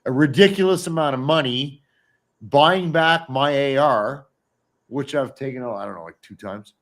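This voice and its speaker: A man's voice: mid-range voice, moderate pace. A man hosts a live show in a mid-range voice. He talks bluntly and swears freely, speaking straight to the viewers. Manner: blunt, profane, addresses viewers directly. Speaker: podcast host. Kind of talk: heated casual chat.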